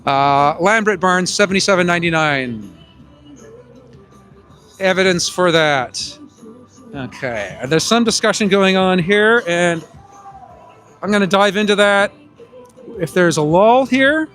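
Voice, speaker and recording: A man live streaming outdoors in a busy plaza, calling out to passers-by in a loud, projecting voice. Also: high-pitched, expressive, a little slow, pauses often. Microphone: handheld phone mic. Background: music from outdoor speakers.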